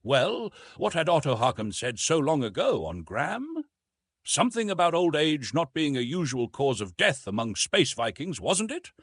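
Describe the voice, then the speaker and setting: A man reading a science-fiction audiobook aloud in an expressive, storytelling way. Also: fairly high pitch, normal speed, breathy edge, no echo. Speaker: audiobook narrator. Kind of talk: scripted audiobook narration.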